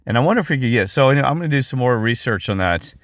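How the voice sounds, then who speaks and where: Excitable man, dry close voice. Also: medium pitch, rapid-fire, no room sound. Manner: excitable, rambling, exclaims and restarts often. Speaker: video host. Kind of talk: excited screen-share commentary.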